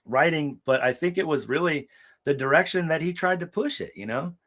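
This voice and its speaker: Swearing and rambling, a young man spins stories during a casual live watch-along he co-hosts from a hot room lacking air conditioning. His voice sits fairly high, with an animated, brisk delivery and a fairly bright tone.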